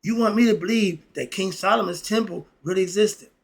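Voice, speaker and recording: A man's voice: high-pitched, a little fast, gravelly. A middle-aged man in a casual, blunt and preachy monologue, full of slang. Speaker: philosophy vlogger.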